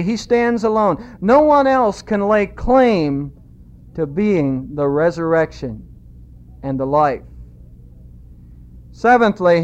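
High-voiced man preaching emphatically, lo-fi. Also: darkish tone. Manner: emphatic, repeats key phrases, slows for quotes. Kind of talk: sermon. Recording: dull lo-fi sound.

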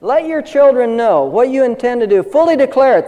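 A man's voice: very high-pitched, big pitch swings, a little fast, hardly any pauses, mellow, long reverb tail, poor audio. An older man preaching a sermon in an earnest way, building up to emphatic declarations. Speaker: pastor.

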